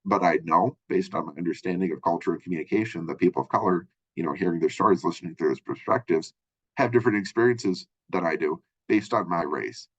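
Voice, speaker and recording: A college lecturer with a deep, low-set male voice talks quickly through his lesson. He keeps it conversational and tosses in "right?" and "you know" as he goes. The recording sounds dull and lo-fi. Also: breathy edge. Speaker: college communication instructor. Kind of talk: recorded textbook chapter lecture. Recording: dull lo-fi audio.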